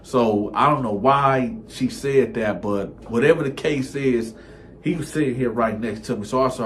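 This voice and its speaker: A man telling a personal story in a loose, conversational way, at an average pitch. He is animated and often restarts his sentences mid-thought. A faint hiss sits under his voice. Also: normal speed. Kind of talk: casual first-person storytelling.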